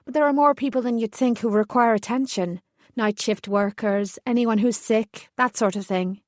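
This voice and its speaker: A brisk, businesslike fairy manager with a faint Irish lilt, as a woman narrator puts her on. She sounds warm and reassuring, and the read is dry and close. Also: on the high side, dry recording, natural voice.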